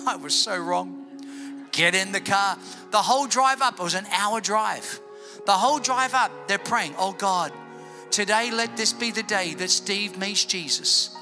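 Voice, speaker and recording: A man preaching an Easter sermon to a church congregation, telling his own conversion story with animated storytelling and then dropping to a hushed voice to pray. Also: very high-pitched. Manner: animated storytelling, drops to hushed tones for prayer. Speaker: pastor. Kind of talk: Easter sermon with personal testimony. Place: church building before a congregation.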